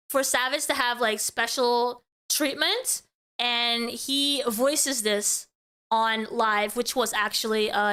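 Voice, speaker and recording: A woman with a high, bright voice talks through her commentary in a loose, conversational way. She keeps checking in with her listeners as she goes. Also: smooth. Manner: chatty, keeps asking "right?". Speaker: commentary host. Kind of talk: casual commentary.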